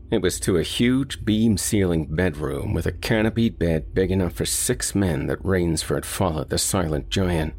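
A man reading a short story aloud in a steady, deliberate audiobook narration. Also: low voice, vocal fry, husky.

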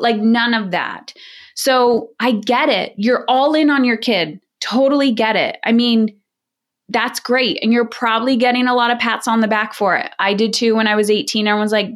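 A middle-aged woman talking as a parenting coach in a podcast interview, direct and energetic, often acting out quoted voices. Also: on the high side, normal speed. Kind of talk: candid podcast interview talk.

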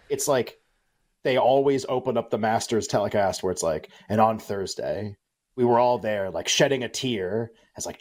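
A man's voice: lowish voice, darkish tone. A man co-hosting a casual sports talk show, telling rambling stories with many "like"s and laughs. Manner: rambling, chatty, laughing storyteller. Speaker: podcast co-host.

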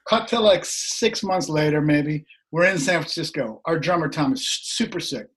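Animated middle-aged man telling a story. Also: on the high side, normal speed. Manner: animated, laughs often, acts out quoted voices. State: slightly rough voice. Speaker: musician guest. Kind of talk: casual storytelling.

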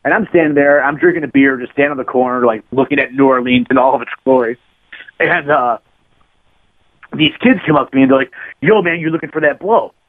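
As a guest on a podcast, a man rambles through a lengthy, profanity-filled anecdote peppered with "like." His mid-range voice is brisk and steady in tone. The sound is dry and narrow like a phone line, with no echo.

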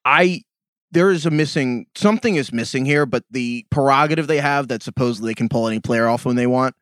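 A man hosting a casual sports podcast chat, animated and often jumping into high mock voices. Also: brisk, dry recording. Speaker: podcast host.

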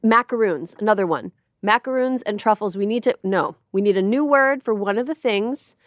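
A woman hosting a podcast in casual chat, wry and emphatic with quick asides. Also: medium pitch, dry recording, studio quality. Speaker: podcast host.

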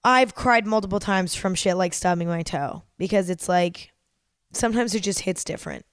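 A woman's voice: medium pitch, normal speed, clear, resonant tone, no echo, clean studio sound. A young woman hosting a casual solo podcast, talking openly and rambling, swearing freely as she goes. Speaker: podcast host.

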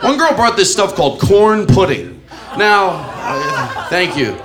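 Animated high-voiced stand-up comedian man. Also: slow pace. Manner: animated, acts out characters, crude. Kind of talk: live stand-up set. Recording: live club recording with audience noise. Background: audience laughter.

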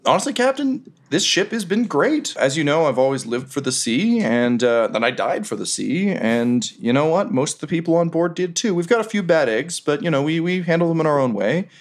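A chatty ghost sailor, as a man puts him on, content with his afterlife. His voice sits higher than the performer's own and swoops around with lively intonation, friendly and folksy in the style of tabletop role-play. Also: a little fast, few pauses.

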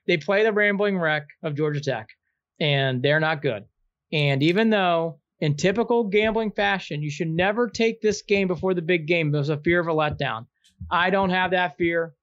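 A man runs through his weekly betting picks with a playful, teasing swagger, openly cheering for his favorite teams. His voice sits a little high, and the audio comes through muffled and lo-fi. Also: moderate pace, a bit bright, no echo. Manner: playful, teasing, fan-boyish. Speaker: betting picks segment host. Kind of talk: casual sports betting banter.

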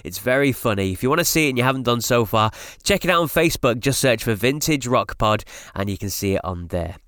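Smooth enthusiastic podcast host, man. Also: mid-range voice, animated, quick pace, a bit bright, no echo, clean studio sound. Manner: enthusiastic, promotional. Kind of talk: scripted show introduction.

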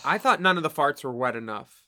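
A man's voice: on the high side, expressive, fairly quick, sharp tone, no room sound, clean studio sound. A man co-hosting a podcast in casual chat, laughing often and acting out quoted conversations. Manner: chatty, laughing, acts out quoted dialogue. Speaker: podcast co-host.

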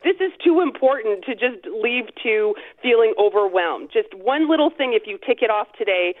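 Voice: medium pitch, animated, moderate pace. A personal finance author, a guest on a radio show, giving upbeat, encouraging advice. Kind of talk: radio interview. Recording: phone line.

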